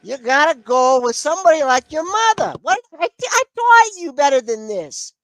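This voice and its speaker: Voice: high voice, very animated, normal speed, no room sound, pitched above the performer's own voice. A podcast co-host voicing a nagging, guilt-tripping older New York Jewish mother as a comedic bit. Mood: scolding. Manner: smothering, fussing, guilt-tripping. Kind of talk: comedic impression in casual chat.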